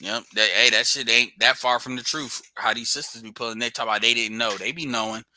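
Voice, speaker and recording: A man's voice: medium pitch, level tone, fairly quick, sharp tone. A man chatting casually as host, rambling and joking with profanity. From United States. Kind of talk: casual chat.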